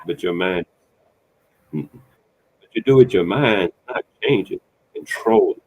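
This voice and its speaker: Man, low husky voice, blunt colloquial preacher of self-help; tinny phone-quality sound. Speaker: motivational speaker. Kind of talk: casual motivational monologue.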